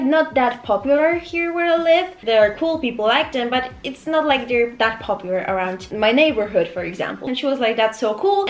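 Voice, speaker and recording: A woman in her twenties vlogging casually at home, rambling with nervous, self-mocking asides. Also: high-pitched. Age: 20s. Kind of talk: casual chatty vlog. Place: room at home. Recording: echoey room, faint noise.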